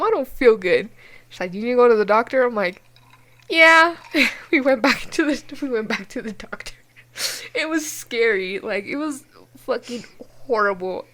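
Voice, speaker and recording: A young woman from New Mexico tells a personal story on a casual podcast, her voice sitting a bit high. She talks in an animated rush, full of filler words and cursing. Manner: animated, swears often, many fillers. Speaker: podcast co-host.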